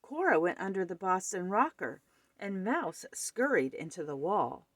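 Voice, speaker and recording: A woman reading a children's picture book aloud at home with expressive storytelling. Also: medium pitch, unhurried, no room sound.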